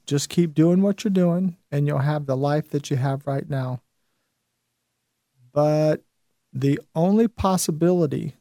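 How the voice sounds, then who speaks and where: A man's voice: fairly high pitch, mellow, no room sound, clean studio sound. A man in his fifties hosting a show, giving an emphatic motivational talk and repeating his key phrases. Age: 50s. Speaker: host.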